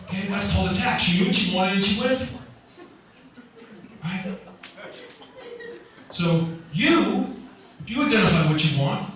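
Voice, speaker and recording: A man giving a comic motivational talk to a live audience, over-the-top and theatrical, sometimes bursting into shouts. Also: high voice, lively intonation, normal speed, long pauses, a little hiss or hum. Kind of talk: comedic live presentation to an audience. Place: large conference room with an audience. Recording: echoey room from far off, crowd laughter.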